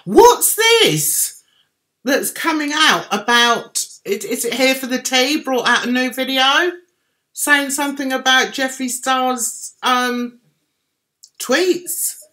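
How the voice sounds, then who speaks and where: A woman's voice: high voice, lively intonation, slow pace, pushed and bright. A middle-aged woman with a Cockney accent, casually chatting on a livestream and answering viewers' comments. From London, England. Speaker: livestream host reading chat. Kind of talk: casual chat.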